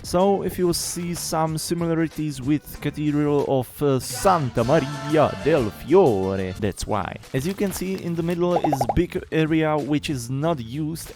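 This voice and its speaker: A man talks through his game project in a casual, chatty way, with non-native English phrasing. His voice sits at an ordinary middle pitch. Soft music plays quietly behind him. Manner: chatty, plain, lightly self-mocking with short laughs. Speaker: Minecraft YouTuber. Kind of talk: casual gameplay narration.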